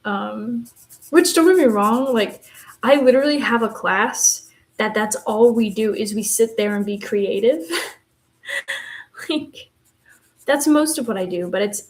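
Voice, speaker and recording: A woman in her twenties with a West Texan accent, a university theater student, colors on a live stream while chatting casually and rambling through asides. Her voice is medium-pitched and a little slow.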